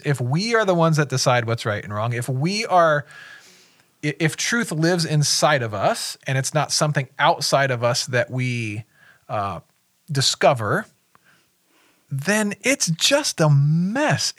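A man's voice: a little high, fairly bright tone, no echo, clean studio sound. A man, a pastor, in a podcast Bible discussion, who talks animatedly and acts out the characters he quotes.

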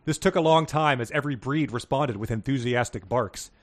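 A man co-hosting a podcast, reading passages aloud with lively, voiced dialogue and laughing often. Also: mid-range voice, fairly quick. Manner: reads with animated voices for dog quotes, laughs often. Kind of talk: casual chat with read-aloud quiz passages.

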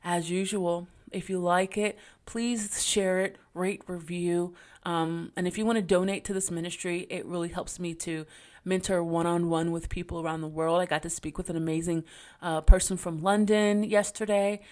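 A woman's voice: on the low side, steady tone, moderate pace, a little mellow. A woman hosting a faith podcast, talking in an earnest, encouraging way with casual slang. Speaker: podcast host.

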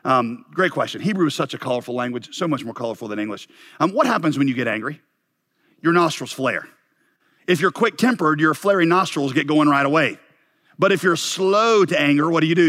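A man preaching a sermon, swinging from loud rising questions to low, quiet emphasis, with joking asides to the congregation. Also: moderate pace. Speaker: pastor.

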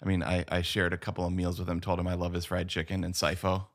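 Laid-back low-voiced man chatting. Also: completely flat delivery, fast talker. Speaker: podcast co-host. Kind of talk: casual chat.

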